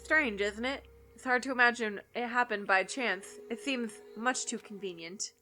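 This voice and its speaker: A woman reading the lines of a calm, reserved teenage girl detective, explaining in a cool, measured way. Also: fairly high pitch, soft background music. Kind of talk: reading game dialogue aloud.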